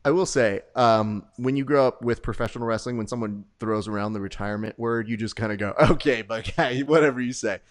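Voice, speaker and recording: A man's voice: medium pitch, dry recording, studio quality. A man co-hosting a podcast, chatting and joking while commenting on a grappling event. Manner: joking, animated, quick asides. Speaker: podcast co-host. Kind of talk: casual live commentary chat.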